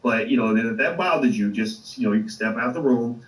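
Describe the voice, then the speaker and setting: A man's voice: mid-range voice, a little fast. A man hosting a casual livestream, talking animatedly with swearing and lots of fillers. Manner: animated, profane, many fillers and restarts. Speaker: host of an online show. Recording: echoey room, distant mic.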